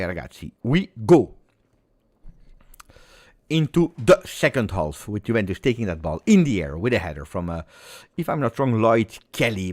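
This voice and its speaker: A man giving live football reaction commentary, excitable play-by-play mixed with exclamations. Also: lowish voice. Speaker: football watch-along streamer.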